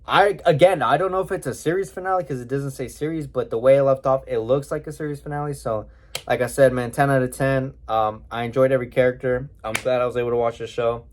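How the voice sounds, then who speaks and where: A man's voice: mid-range voice, fairly quick. A young man giving a casual, emotional review, rambling with fillers and calling his viewers bro and boys.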